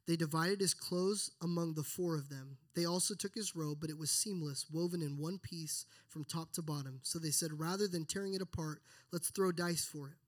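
A man with a slightly higher voice preaches earnestly. He reads scripture passages aloud with feeling, leaning into the words and then easing back to a hushed, reverent tone. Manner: earnest, builds then drops to hushed prayer. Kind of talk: sermon with scripture reading.

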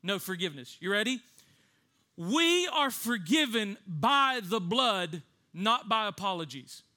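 Brief: male preacher, very high bright voice, lively comic storytelling from the pulpit. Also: measured pace. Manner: animated, laughs often, acts out voices.

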